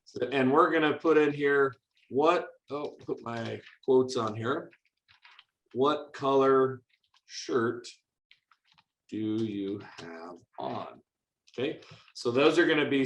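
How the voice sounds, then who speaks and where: A man's voice: a little high, fairly bright tone. Guy teaching a coding workshop, casual and upbeat, lots of ums, echoey room. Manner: chatty, upbeat, many fillers and restarts. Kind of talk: casual hands-on teaching demo.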